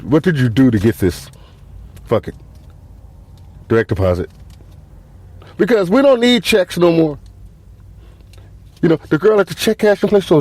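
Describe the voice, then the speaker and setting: A man hosting a podcast, delivering a profane comedic monologue, acting out quotes and laughing at his own jokes. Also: on the low side. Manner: animated, swings loud and soft, acts out quotes. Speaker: podcast host.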